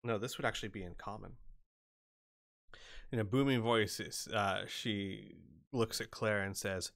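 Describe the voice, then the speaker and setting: A man's voice: lowish voice, fairly even intonation, measured pace, gravelly, fairly bright tone. A man narrating combat as game master, playful and often laughing between rulings.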